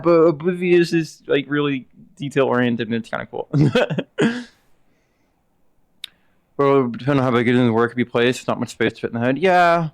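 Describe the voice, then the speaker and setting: A male streamer chats loosely with friends during a VR role-play session, breaking into laughter between quick jokes. His voice sits at an ordinary middle pitch. It comes through close on a headset mic. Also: lively intonation. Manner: laughs often, quick jokey banter.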